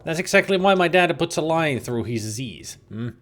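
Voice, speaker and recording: A man's voice: fairly high pitch, lively intonation, moderate pace, fairly bright tone, slight background noise. A man streaming a game, thinking aloud with fillers as he plays, with game music behind him. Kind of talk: casual gameplay commentary.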